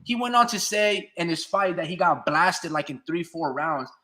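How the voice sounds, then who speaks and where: A man's voice: a little high, animated, normal speed, pushed and bright. Fired-up man ranting about boxing. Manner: blunt, ranting, profane, fired up. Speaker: boxing commentator. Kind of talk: opinionated solo commentary.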